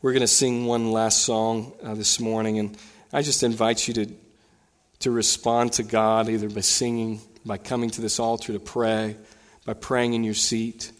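A man preaching a sermon as pastor in a church, animated, his voice climbing higher and louder when he retells scenes. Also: normal speed, in a large hall. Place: church sanctuary.

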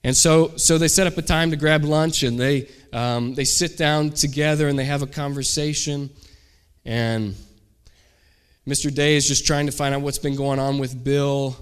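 A man's voice: medium pitch, moderate pace, clear, resonant tone. A man, a pastor, telling a story during a sermon and acting out the people in it. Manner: animated storyteller, acts out shouted quotes.

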